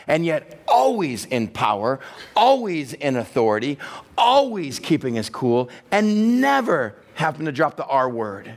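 A man with a Texan accent preaching a sermon as pastor, swinging between quiet, low passages and raised, emphatic ones. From Texas. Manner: animated preaching, rising and falling in pitch and force.

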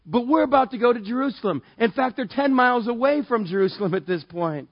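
A man preaching a sermon in a casual, joking way that builds to loud, emphatic passages. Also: extremely high pitch, animated, fast talker, no room sound, muffled recording. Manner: conversational, jokey, rising to loud emphatic preaching. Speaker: pastor.

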